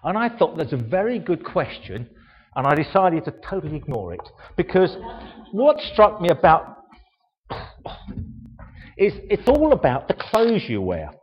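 A man's voice: high voice, huge pitch swings, unhurried, long pauses. Chatty older man in an echoey hall. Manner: chatty, self-mocking, rhetorical questions. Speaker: speaker giving a talk. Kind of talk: informal show-and-tell talk. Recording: echoey hall, dull sound.

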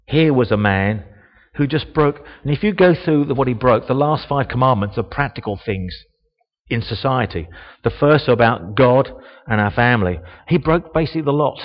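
A man giving a sermon, reading a Bible passage slowly and reflecting on it, growing louder on the quoted lines. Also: animated. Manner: slow, reflective, rises in pitch and volume on quoted speech. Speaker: preacher. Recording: dull, long reverb of a church hall.

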